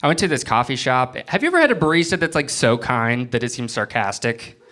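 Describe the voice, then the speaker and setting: A young man from Florida doing a stand-up comedy set on a club stage, acting out people in quick bits. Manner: animated, jumps into high-pitched bits when acting out people. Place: comedy club stage before a live audience. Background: audience laughter.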